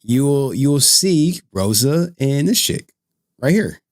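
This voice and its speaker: A man's voice: medium pitch, very animated, slow, dry recording, studio quality. A man hosting a clip channel, giving rambling, slangy commentary over an interview. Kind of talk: casual commentary.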